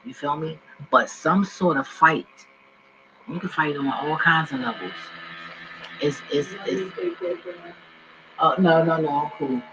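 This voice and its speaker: A man in his forties rambles through a casual, slangy vlog at home, frequently losing his train of thought while talking to viewers. His voice runs on the high side, slow, with long pauses. Background noise comes through the dull lo-fi recording.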